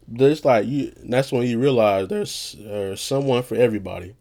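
A man talking casually on his own vlog in a loose, rambling way, often saying "you know what I'm saying". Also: moderate pace. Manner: low monotone voice that he says he projects; loose, restarting, swears casually. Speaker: vlogger; retail worker.

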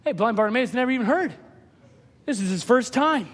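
High-voiced shouting preacher in a reverberant hall. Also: male voice, animated, fairly quick, pauses often. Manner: impassioned, swings from hushed to shouting. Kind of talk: sermon. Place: church sanctuary.

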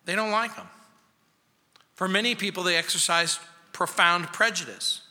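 Bright-voiced male pastor preaching. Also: sits high. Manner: emphatic preaching, speeding up and slowing down for effect. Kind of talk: verse-by-verse sermon. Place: church sanctuary. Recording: long reverb of a church sanctuary.

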